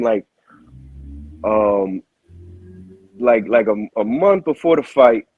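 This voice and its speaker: Husky new guy, boxing manager, talking fast and loose with slang, dry close sound. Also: on the low side, no room sound, muffled recording. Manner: animated storyteller, heavy slang, frequent restarts. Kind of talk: casual interview storytelling.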